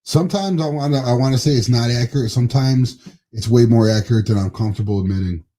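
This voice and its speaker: In loose political banter on a podcast, this co-host curses without restraint, laughs a lot, and lets his words fade into mumbling. His warm voice sits at medium pitch, and he talks fast.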